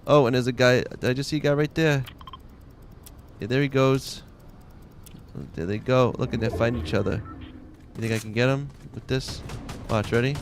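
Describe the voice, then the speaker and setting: A man's voice: mid-range voice, normal speed. A man with a Long Island accent giving casual gameplay commentary, mumbling half to himself while he loots. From Long Island, New York. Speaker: gaming streamer. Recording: noisy game audio underneath.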